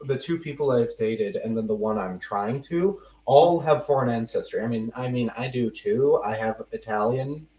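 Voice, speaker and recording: A man's voice: mid-range voice, normal speed, few pauses, mellow, a little hiss or hum. Rambling young man telling a story, roomy. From United States. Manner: rambling, self-mocking, restarts mid-sentence. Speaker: podcast host. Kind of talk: casual storytelling chat. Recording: roomy, distant and muffled mic.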